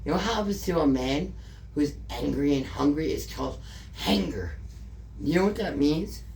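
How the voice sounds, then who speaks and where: A woman's voice: low-pitched, lively intonation, moderate pace, gravelly, a little mellow, a little hiss or hum. A woman with a Canadian accent, telling an emotional story in a casual interview, swearing often and repeating herself. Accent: Canadian English.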